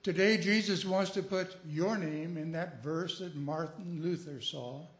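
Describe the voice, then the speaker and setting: A man's voice: a little high, a little slow. Echoey preacher man, urgent appeals. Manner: emphatic, rising to urgent appeals. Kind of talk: sermon. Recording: echoey room.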